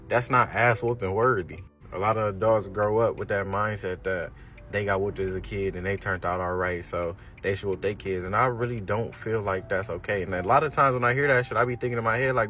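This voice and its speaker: A man's voice: fairly low pitch, pushed and bright. A young man giving his blunt, profane opinion in a casual rant. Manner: blunt, profane, laughs at his own point. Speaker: commenter.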